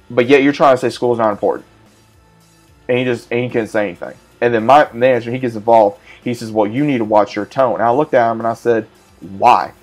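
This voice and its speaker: Lower-voiced man telling a story. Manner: animated retelling, acts out quoted dialogue. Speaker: vlogger. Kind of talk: casual storytelling.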